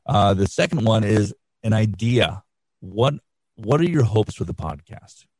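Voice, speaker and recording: Middle-aged guy, real low voice, laid back folksy explaining, dry close studio mic. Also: sing-song, unhurried, a little mellow, no echo. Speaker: guest, radio instructor and podcast producer. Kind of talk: casual interview answers. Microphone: quality studio microphone.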